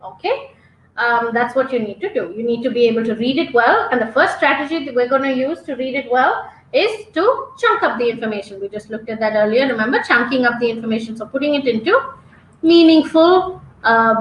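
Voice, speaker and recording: A woman's voice: sits high, a bit bright, reverberant, a little hiss or hum, low-quality recording. A woman exam trainer teaching an online webinar, who keeps checking in with her students by asking "okay?". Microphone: computer mic on webinar.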